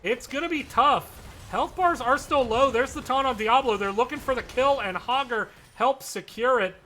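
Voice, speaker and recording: Male esports caster calling a live match; high, bright and brisk, with chatty asides. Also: a little hiss or hum. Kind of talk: live play-by-play commentary.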